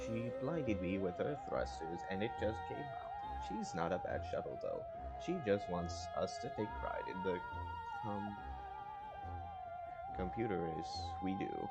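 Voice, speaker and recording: Guy reading game text out loud, lots of restarts, pitch jumps all over, music playing behind. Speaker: gamer.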